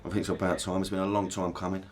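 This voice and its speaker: A man's voice: low-pitched, little pitch movement, racing, a little mellow, faint music behind. A man in his thirties with a Cockney accent, presenting on location, joking and swearing freely. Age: 30s. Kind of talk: on-location banter.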